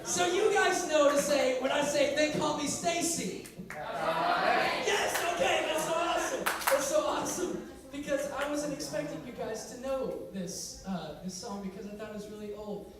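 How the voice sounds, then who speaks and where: A man's voice: extremely high pitch, lively intonation, normal speed, over a noisy crowd. A young man speaking as a youth speaker, talking casually and playfully to a live audience in a large hall. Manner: playful and joking. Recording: echoey hall from far off with audience.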